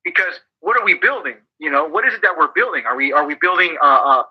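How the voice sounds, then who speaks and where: A man's voice: a little high, lively intonation, quick pace, breathy edge, muffled recording. A man co-hosting a podcast, talking in a profane, emphatic way and often repeating himself as he drives a point home. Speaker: podcast co-host. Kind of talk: casual motivational chat.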